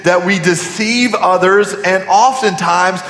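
A man's voice: high-pitched, slow pace, fairly bright tone. Preaching man in an echoey auditorium. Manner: preacherly, repetitive emphasis, rhetorical questions. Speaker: pastor. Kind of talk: sermon. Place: large church auditorium. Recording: echoey hall from a distance.

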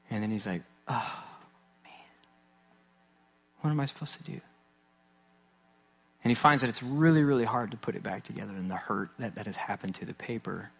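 A man in his thirties, a pastor, preaching a sermon in an earnest, conversational way, acting out little anecdotes and dropping to soft, intense emphasis. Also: lowish voice, gravelly, husky.

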